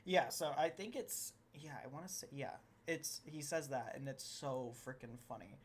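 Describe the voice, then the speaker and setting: A woman's voice: low-pitched, moderate pace, slightly rough. A woman co-hosting a podcast, gushing and laughing often in casual chat about a show. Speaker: podcast co-host.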